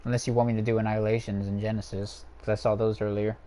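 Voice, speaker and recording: Ranking characters on a home livestream, this young male host talks quickly in a lowish, mellow voice with a level tone. He rants loosely, swearing, and keeps stumbling through fillers and restarts.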